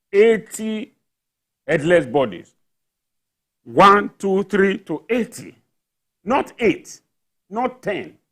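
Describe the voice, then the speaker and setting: A man's voice: fairly high pitch, fairly bright tone. A man on a television panel, talking with indignation and firing off rhetorical questions. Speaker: journalist panelist. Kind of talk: studio panel discussion. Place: television studio.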